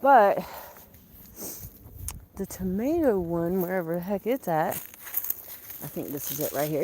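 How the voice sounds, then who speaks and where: A woman's voice: lowish voice, dark tone, slight background noise. A woman chatting casually to the camera while she works in her outdoor garden. She talks to herself in a joking, exclamatory way. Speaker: gardening vlogger.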